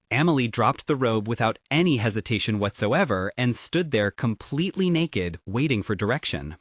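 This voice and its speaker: A man narrating a first-person story with animated, dramatic emphasis. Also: mid-range voice, normal speed, hardly any pauses, breathy edge, no echo, clean studio sound.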